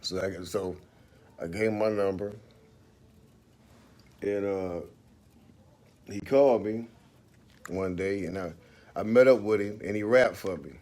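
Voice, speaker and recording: A man with a somewhat low voice spins a story on a phone livestream. He talks casually and animatedly, swearing freely, and breaks into laughs. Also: measured pace, pauses often. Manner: profane, animated, laughs often. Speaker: rapper hosting a livestream.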